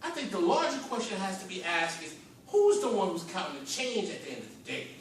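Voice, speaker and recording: Sitting high with huge pitch swings, this man's voice moves fairly quickly over slight background noise. On a conference panel in a library hall, he gives an impassioned speech full of fervent, preacher-like rhetorical questions and rising-and-falling emphasis, captured from a distance in the echoing room.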